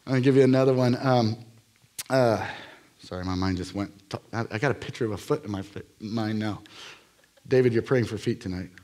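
A man preaching a live sermon in a church, telling healing stories in an energetic, jokey, rambling way full of fillers and restarts. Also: fairly low pitch, fairly quick. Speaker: guest preacher. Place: church sanctuary.

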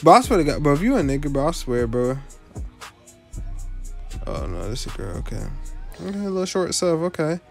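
A young man with a somewhat high, very lively voice that swings up and down, riffing bluntly in loose slang as he rates viewers' avatars. His delivery is jokey and unfiltered, packed with casual tags. Faint music plays underneath. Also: a little fast, gravelly, pauses often. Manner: slangy, joking and blunt, with many filler tags. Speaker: YouTuber rating viewers' avatars. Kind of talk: casual reaction commentary.

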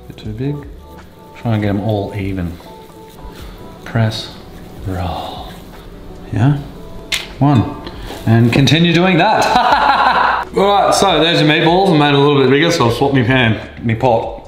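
A young man cooking in his home kitchen, talking in a casual, excitable, sweary way. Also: medium pitch, normal speed, pauses often. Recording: echoey kitchen with music behind.

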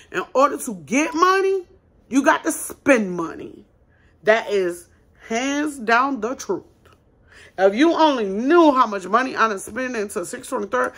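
Woman, small business owner and vlog host; blunt, emphatic advice, bright higher voice. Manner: emphatic, blunt, talks straight to viewers as "you guys". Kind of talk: casual advice chat.

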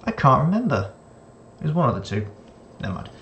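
A man's voice: mid-range voice, big pitch swings, a little fast, fairly bright tone, muffled recording, slight background noise. A man hosting a casual game commentary, chatty and playful, talking to the characters on screen. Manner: playful and chatty, talks to game characters, slips into silly voices. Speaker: gaming channel host. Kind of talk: casual let's-play commentary.

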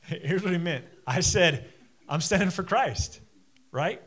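Man, 30s, pastor, sermon, high-pitched, conversational, quiet asides. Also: expressive, measured pace, breathy edge. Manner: conversational storytelling, drops to a quiet low voice. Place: church auditorium.

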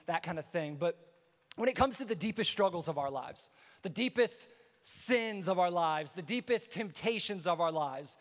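A young man preaching a sermon as a pastor, animated and acting out everyday excuses in quick asides. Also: on the high side, in a large hall. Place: large church hall.

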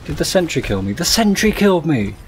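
A man giving casual gameplay commentary as a gaming YouTuber, excitable and sweary, with sudden loud outbursts. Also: fairly high pitch, brisk, slight background noise.

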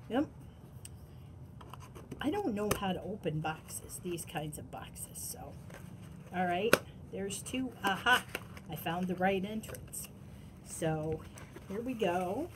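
A woman's voice: medium pitch, expressive, takes it slowly, long pauses, background noise. A woman hosting an unboxing vlog, gushing and gasping with delight as she opens packages. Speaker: tarot channel host.

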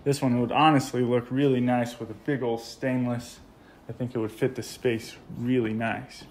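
A man's voice: mid-range voice, little pitch movement, normal speed, darkish tone, slight background noise. An American man with a casual, enthusiastic manner, narrating a walkthrough of a model home as he films it. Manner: enthusiastic, gushing. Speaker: home tour vlogger.

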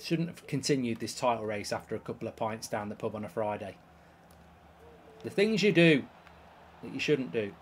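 A man commenting live on a football video game, swearing and reacting loudly to each play. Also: medium pitch, expressive, moderate pace, long pauses, slight background noise. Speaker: YouTube gaming host.

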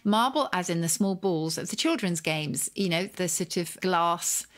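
A woman's voice: fairly low pitch, expressive, measured pace. A woman co-hosting a podcast who explains things in a thoughtful, careful way. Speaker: podcast co-host. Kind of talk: casual chat.

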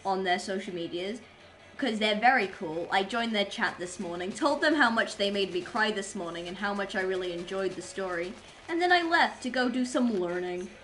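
A woman's voice: medium pitch, lively intonation, normal speed, a bit bright. A young adult woman streamer chatting casually while gaming, rambling and silly as she goes. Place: home streaming setup.

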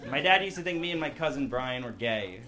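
A young man doing a stand-up set on a comedy club stage, working the crowd with deadpan asides. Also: medium pitch. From Long Island, New York. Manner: crowd-work, deadpan asides, quick self-corrections. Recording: loud background noise in live club.

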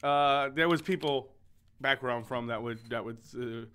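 Bright-voiced young man playing a game. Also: medium pitch, a little fast, smooth. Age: young adult. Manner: joking, rambling, swearing, frequent laughs and stammered restarts. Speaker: gaming video host. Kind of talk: let's play commentary, reading game text aloud.

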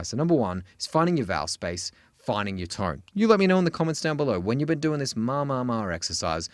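A man with an Australian accent teaching a singing lesson, chatty and animated, breaking into sung examples. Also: no echo. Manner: chatty, animated, jumps into high sung demos. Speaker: vocal coach.

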